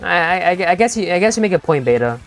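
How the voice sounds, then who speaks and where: Excitable stammering young male streamer. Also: sits high, quick pace, faint music behind. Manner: excitable, stammering, repeats himself. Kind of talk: live gameplay commentary.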